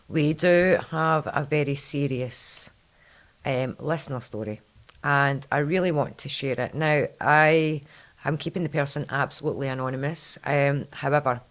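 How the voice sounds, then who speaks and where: A woman with a Scottish accent hosting a podcast in a chatty, rambling way. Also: low-pitched. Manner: chatty, quick, rambling storyteller. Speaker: podcast host. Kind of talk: casual chat.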